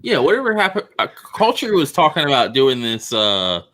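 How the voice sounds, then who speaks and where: A man's voice: medium pitch, wildly swooping pitch, moderate pace, bright, forceful tone. A man co-hosting a gaming talk stream in casual chat, laid-back and explaining his plans with plenty of fillers. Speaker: co-host and game organizer.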